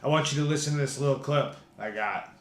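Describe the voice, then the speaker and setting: A man's voice: medium pitch, quick pace, roomy sound. A man hosting a casual home cooking show, chatting folksily through each step from his kitchen with plenty of fillers.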